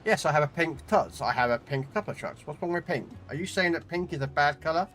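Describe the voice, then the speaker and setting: Over soft background music, a man with a fairly high, somewhat bright voice rattles off fast live commentary as he streams a video game. He chats loosely with viewers, swears at the game, and records through a desk condenser mic.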